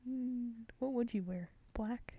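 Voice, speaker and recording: A young woman co-hosting a casual podcast chat, laughing often and slipping into soft half-whispered asides. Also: a little high, slow pace, lo-fi sound. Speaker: podcast co-host.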